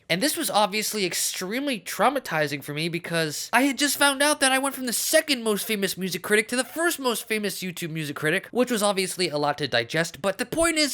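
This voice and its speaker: A man hosting his comedy vlog, telling a story in a deadpan, self-important tone that plays it mock-serious. His pitch swings widely and animatedly from line to line. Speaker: comedic vlogger.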